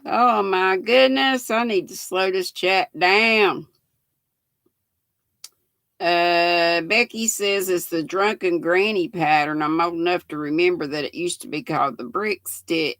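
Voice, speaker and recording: A woman's voice: fairly low pitch, a little slow, a bit bright, no echo. A woman, hosting a casual livestream and chatting as she reads out viewer comments and greets people by name. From United States. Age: 60s. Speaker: channel host reading live chat.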